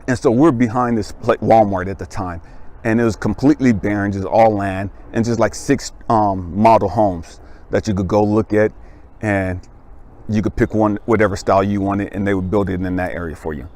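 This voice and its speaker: A man telling a personal story as a motivational speaker, casual and animated, laughing and checking in with the listener, his voice jumping high when he gets emphatic. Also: normal speed. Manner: voice jumps much higher and louder when he is emphatic. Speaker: motivational speaker and life coach.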